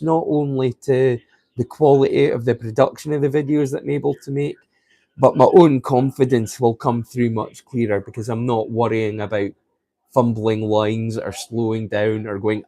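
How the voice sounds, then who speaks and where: A man's voice: medium pitch, mellow, no room sound. Chatty man live-streaming, dry close sound. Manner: rambling, chatty, thinking aloud. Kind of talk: casual live-stream chat.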